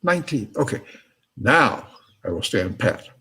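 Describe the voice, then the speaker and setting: A man's voice: mid-range voice, big pitch swings, a little slow, sharp tone. A man voicing a nervous, disbelieving ordinary shopkeeper in a joke. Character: ordinary anxious male shopkeeper.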